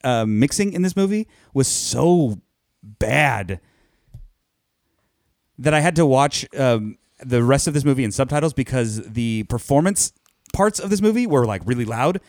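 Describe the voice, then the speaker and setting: A man's voice: mid-range voice, animated, unhurried, a little mellow, no room sound, clean studio sound. A man co-hosting a casual film review chat, talking loosely with many hesitations. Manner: chatty, hesitant with many ums. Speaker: podcast co-host reviewing films.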